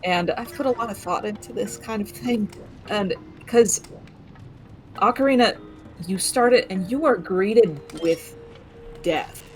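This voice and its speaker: Slow-talking rambling woman guest. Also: medium pitch, a little mellow, soft background music. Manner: rambling, profane, laughs easily. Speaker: co-streamer guest. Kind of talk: casual chat.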